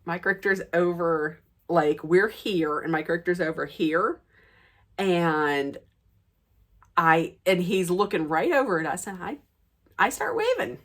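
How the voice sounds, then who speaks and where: A woman vlogger telling an anecdote in an animated, excitable way. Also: fairly low pitch, takes it slowly. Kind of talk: storytelling anecdote.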